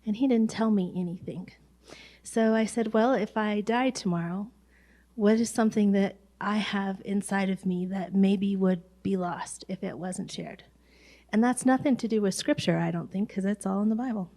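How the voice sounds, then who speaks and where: A woman's voice: medium pitch, moderate pace, dark tone. A woman giving a short personal talk in a plainspoken, wry storytelling manner.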